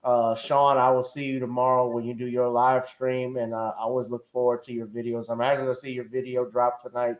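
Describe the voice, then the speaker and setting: A man hosting a casual live-stream talk show, relaxed and chatty as he wraps up with his guests. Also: mid-range voice, brisk, hardly any pauses. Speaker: host.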